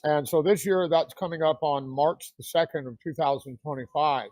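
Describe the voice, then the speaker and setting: A man's voice: a little high, moderate pace, darkish tone, dry recording, rough recording. A man hosting a talk show, chatting casually with a guest and rambling through promotions with many fillers. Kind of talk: casual interview chat.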